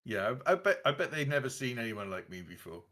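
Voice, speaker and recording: A man's voice: medium pitch, big pitch swings, fast, fairly bright tone. Man, game player, casual, jokey, easygoing. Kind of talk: casual tabletop play.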